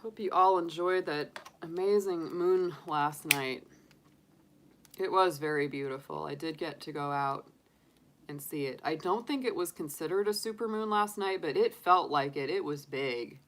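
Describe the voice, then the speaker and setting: A woman's voice: deep voice, a little slow, fairly bright tone. A woman in her forties, a tarot reader chatting casually on a live stream and laughing often. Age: 40s.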